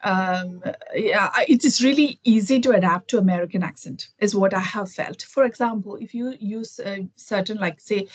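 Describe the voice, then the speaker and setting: A woman's voice: mid-range voice, normal speed, few pauses, husky, no room sound. A middle-aged woman from Kerala speaks with an Indian accent, chatting as a guest over a video call. She thinks aloud, with many fillers and restarts. The sound is dry and close. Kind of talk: casual conversation.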